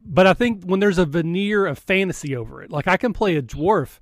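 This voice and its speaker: Give me a man with a high voice hosting a relaxed podcast chat, recorded dry. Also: brisk, no room sound. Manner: casual, chatty, hesitant fillers. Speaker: podcast host. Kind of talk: podcast interview.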